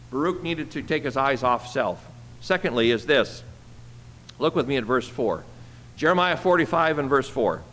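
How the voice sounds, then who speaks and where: A man preaching a sermon, reading scripture slowly and commenting on it with an easy chuckle. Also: a little high, a bit bright, big-room sound. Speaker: pastor.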